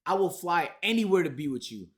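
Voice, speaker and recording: A male streamer with a high-pitched, sing-song voice reads aloud at a brisk pace, playing a clingy, obsessed male superfan. His delivery is pleading and overwrought before turning into angry shouting.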